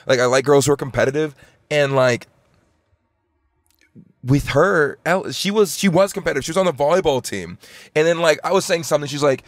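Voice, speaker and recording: A man's voice: brisk, long pauses, dry recording, studio quality. A young man in his twenties, co-hosting a podcast in casual chat, telling stories and acting out what people said. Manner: storytelling, acts out quoted lines with jumps in pitch. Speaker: podcast co-host.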